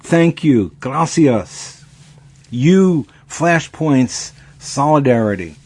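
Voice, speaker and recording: A man's voice: medium pitch, expressive, drawn-out words, darkish tone, husky. A male radio host leading a pledge drive, upbeat and repeating the call-in number.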